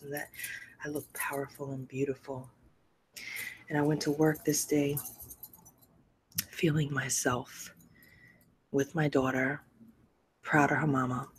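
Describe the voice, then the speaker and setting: A middle-aged woman hosting a podcast, telling a personal story candidly and emotionally, often sinking to a soft, breathy near-whisper. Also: low-pitched, slight background noise, rough recording. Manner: repeats phrases for emphasis, swears freely. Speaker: podcast host.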